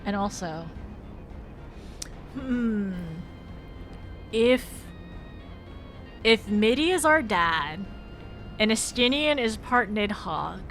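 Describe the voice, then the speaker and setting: A woman's voice: mid-range voice, lively intonation, drawn-out words, long pauses, a bit bright, faint music behind. A woman livestreaming a game, chatting casually with viewers, giggling often and tripping over her words. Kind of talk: casual live-stream chat while gaming.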